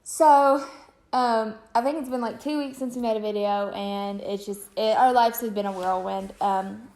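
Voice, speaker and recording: Woman, fairly high voice, chatty rambling storyteller, casual vlog talk. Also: fairly even intonation, moderate pace, darkish tone. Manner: chatty, rambling, many fillers. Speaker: vlogger.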